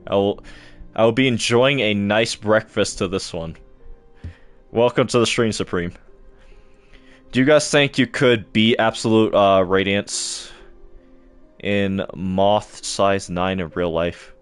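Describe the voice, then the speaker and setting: A man's voice: on the low side, takes it slowly, pauses often, clear, resonant tone, faint music behind. A young man chatting casually to his live-stream audience while playing a game, stumbling over words as he talks.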